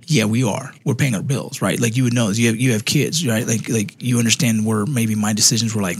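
A man's voice: medium pitch, steady tone, a little fast, few pauses, slightly rough, no echo. A man in his thirties, a military veteran, telling blunt, profane stories in casual chat. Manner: profane, blunt, emphatic storytelling. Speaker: veteran podcast guest.

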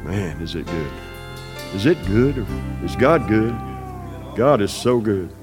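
Folksy preaching man, lowish voice. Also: expressive, measured pace, over music. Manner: folksy, emphatic preaching with repetitions. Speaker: chaplain. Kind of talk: testimony sermon.

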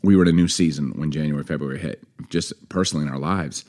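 A man's voice: a bass voice, quick pace. A man in his thirties co-hosting a podcast, chatting casually and easily, with a lot of fillers. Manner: relaxed, chatty, many fillers. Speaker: podcast co-host. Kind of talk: casual chat.

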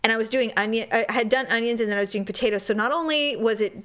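A woman's voice: a little high, racing, fairly bright tone. A woman co-hosting a casual chat, telling a story with acted-out quotes, laughing often and swearing.

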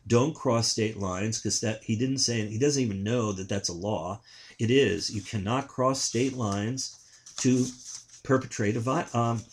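A man's voice: medium pitch, breathy edge. Indignant older man with a middling voice. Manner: indignant, rambling with restarts. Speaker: journalist. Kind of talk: political commentary.

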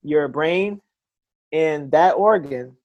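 A man with a slightly raised pitch talks as a chiropractor in a relaxed interview. He is eager and quick, with many false starts and restarts. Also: muffled recording. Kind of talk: casual interview.

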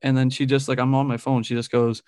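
A man's voice: medium pitch, flat delivery, quick pace, a little mellow, clear, resonant tone, dry recording. Young man, twenties, rambling storyteller, dry close sound, laughs a lot. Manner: rambling, fills speech with "like", laughs often. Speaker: podcast co-host telling a story. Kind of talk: casual storytelling chat.

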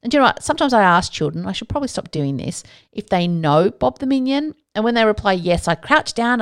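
A woman's voice: medium pitch, animated, a little fast, few pauses. A woman hosting a solo podcast, talking casually with playful asides and self-mocking jokes. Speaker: podcast host.

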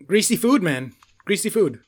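Animated New man, casual chat. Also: high voice, normal speed. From New York. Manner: animated, laughing, swears freely.

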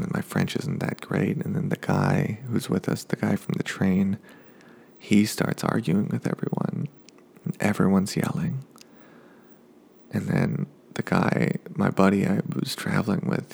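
Low, gravelly man telling a story. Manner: rambling, with digressive asides and dark jokes. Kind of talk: casual spoken anecdote.

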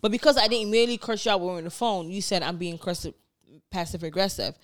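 A young woman co-hosting a podcast, telling stories candidly in a casual, animated chat full of slang. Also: fairly low pitch, racing, dry recording, studio quality. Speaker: podcast co-host.

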